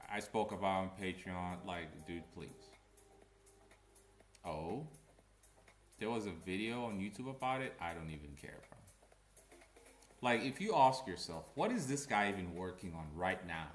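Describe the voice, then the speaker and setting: Man, comic creator ranting to camera: blunt, animated, slangy, recorded in an echoey room. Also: deep voice. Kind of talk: casual ranting commentary.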